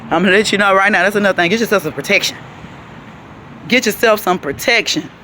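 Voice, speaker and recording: Woman, street vlogger, bright sharp voice, preachy and emphatic, faint traffic behind. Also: mid-range voice, quick pace. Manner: preachy and emphatic, calls listeners child and baby. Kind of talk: outdoor rant to camera. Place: outdoors on a city walk.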